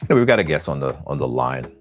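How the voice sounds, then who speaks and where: A man's voice: rumbling low, big pitch swings, racing, faint music behind. A man hosting a call-in talk show, heatedly ranting. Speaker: radio show host.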